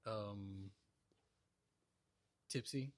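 A man's voice: fairly low pitch, extremely slow. A young man co-hosting a music podcast, talking casually with blunt opinions, teasing and frequent swearing. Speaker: podcast co-host. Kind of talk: casual chat.

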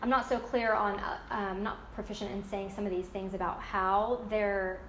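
A woman leading a casual group talk about a book, chatty and animated, often acting out quoted voices. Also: mid-range voice, normal speed, roomy sound, slight background noise, rough recording. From United States. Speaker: book discussion leader.

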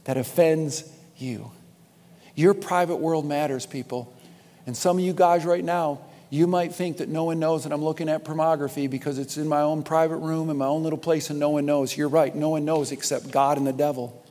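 A man delivers an emphatic sermon with a fairly high voice, talking straight to his congregation and repeating his key lines for weight. His voice rings with the long reverb of a large hall. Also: steady tone, normal speed, warm tone. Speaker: preacher.

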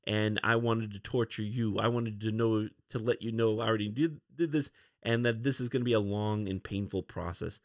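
A man's voice: fairly low pitch, normal speed, no room sound, studio quality, lightly acted. A man voicing a cruel skull-faced cyborg warlord. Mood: taunting. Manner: cold, taunting.

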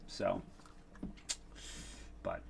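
A man's voice: extremely slow, slight background noise. A man co-hosting a podcast in casual chat, rambling and self-mocking with lots of fillers. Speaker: podcast co-host.

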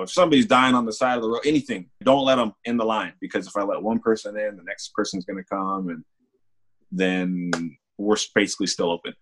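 A young man, a security guard and author, telling a story casually in an interview and livening up when he quotes people. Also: fairly low pitch. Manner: relaxed, animated when quoting people.

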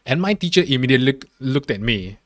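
A man's voice: fast talker, dry recording, studio quality. A man co-hosting a casual comedy podcast who tells stories with a lot of energy, laughs often, and acts out his own angry outbursts. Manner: animated storytelling, acts out his own outbursts with loud jumps in pitch; laughs often while talking.

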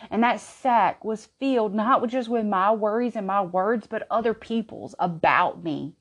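A woman's voice: medium pitch, normal speed. A woman, hosting a podcast and telling a personal story in an earnest, chatty way. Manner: earnest, chatty, with frequent restarts and laughs. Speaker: podcast host, homeschooling mother. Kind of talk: casual personal storytelling monologue.

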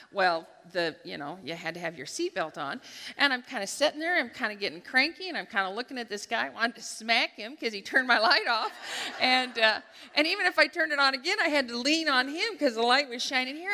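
A woman with a bright, forceful voice pitched a little high tells a personal story at a church gathering, acting out her own thoughts. It is recorded with a long reverb, as if in a large hall. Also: lively intonation, a little fast. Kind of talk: storytelling devotional talk.

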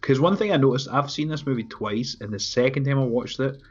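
Slightly rough and medium in pitch, this man's voice moves a bit quickly as he riffs over a movie for a podcast. He's animated and foul-mouthed, laughing often as he retells scenes, all in muffled lo-fi sound with faint music.

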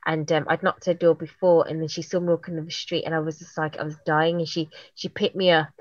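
A woman with a British accent and Jamaican roots tells stories in a casual chat, acting out the voices of the people she met. Her voice sits a little low. The recording is dry and slightly dull, as if captured close on a modest mic. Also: fast talker, no echo. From Jamaican heritage, raised in Britain. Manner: animated storyteller, acts out quoted voices.

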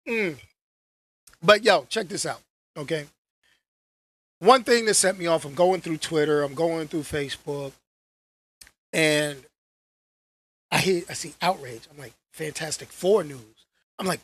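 A woman's voice: fairly low pitch, animated, normal speed, pauses often, fairly bright tone, husky. A young woman vlogger giving a casual, slangy movie-news rant. She repeats her phrases and drops in exasperated asides.

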